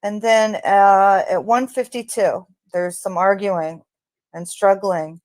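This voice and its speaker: A woman hosting a true crime channel, talking casually in an unhurried, hesitant way with frequent ums. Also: mid-range voice, steady tone, darkish tone, no echo. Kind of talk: casual spoken commentary.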